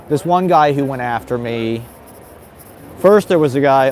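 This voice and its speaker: An agitated man rants, swears and laughs his way through complaints about other comedians. His voice sits at a middling pitch, and a faint hiss of noise runs behind him. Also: a little slow, pauses often, darkish tone. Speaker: stand-up comedian. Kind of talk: casual ranting monologue.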